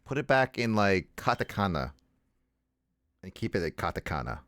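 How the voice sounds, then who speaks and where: While streaming a video game, a man with a fairly low voice chats casually and jokes around, animatedly reading the dialogue aloud at normal speed. The sound is dry and clean, studio quality.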